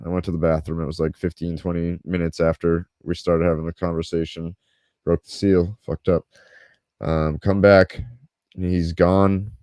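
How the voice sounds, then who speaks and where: A podcast host with a low, darkish voice tells a story in a laid-back way, swearing freely and acting out what others said. There's no room sound, and the audio is studio quality.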